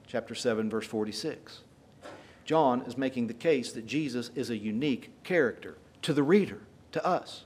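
A man preaching a sermon, retelling scripture dramatically with folksy paraphrase and getting louder on the quoted lines. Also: mid-range voice, moderate pace. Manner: emphatic, rises in volume for quoted lines.

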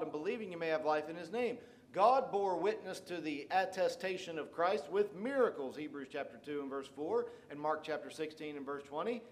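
A male pastor, his voice sitting a touch higher than most men's. He preaches through a scripture passage, reading verses aloud and then pressing their point home with growing emphasis. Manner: expository preaching, reads scripture aloud and paraphrases it with rising emphasis. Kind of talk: sermon.

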